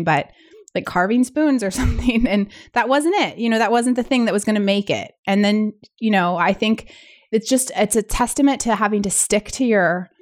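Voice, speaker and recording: A woman in easy conversation, co-hosting a podcast. Her talk is loose and rambling, full of fillers and asides, at a middle pitch. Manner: chatty, many fillers like "like". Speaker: podcast co-host. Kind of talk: casual chat.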